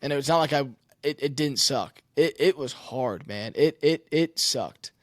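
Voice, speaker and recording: A man's voice: medium pitch, measured pace, dry recording, studio quality. A young man who plays college quarterback, telling his story candidly and emotionally, swearing and saying "man". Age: young adult.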